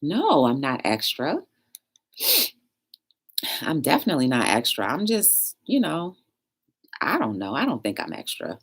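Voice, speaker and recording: A woman's voice: a bass voice, unhurried, long pauses, breathy edge. A woman hosting a live-stream chat show, telling stories and reading chat aloud in a loose, slangy manner. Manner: animated storytelling, reads chat aloud, slangy. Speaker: talk show host.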